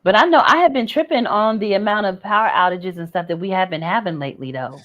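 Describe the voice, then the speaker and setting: A woman's voice: mid-range voice, fast talker, highs cut off. Laid-back woman guest comedian. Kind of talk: casual chat.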